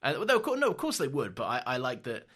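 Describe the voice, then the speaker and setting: A young man co-hosting a podcast in casual chat, animated, laughing often and swearing casually. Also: mid-range voice, fast talker, breathy edge. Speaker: podcast co-host.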